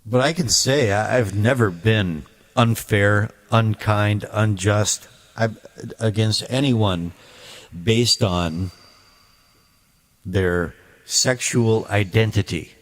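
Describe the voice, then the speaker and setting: Slow, blunt man ranting. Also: on the low side. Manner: blunt, emphatic, deliberate. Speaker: video creator. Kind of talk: ranting monologue to a viewer.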